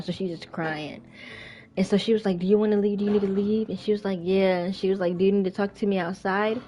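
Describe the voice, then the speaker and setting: A young woman chats through a long personal story in a loose, rambling way, piling on fillers and starting sentences over. Her voice sits at an ordinary middle pitch, and faint music plays underneath. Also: mellow. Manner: chatty, rambling, frequent fillers. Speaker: vlogger. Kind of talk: casual storytime while playing a game.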